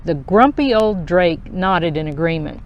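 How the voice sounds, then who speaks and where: A woman reading a children's picture book aloud in a slow, expressive storytelling voice. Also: fairly low pitch, highs cut off, slight background noise.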